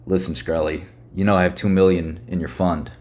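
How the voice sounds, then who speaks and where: A man's voice: low-pitched, steady tone, fairly quick, a little mellow, lightly acted. A man voicing a blunt, swearing male hedge fund manager who demands his money back. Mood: irritated.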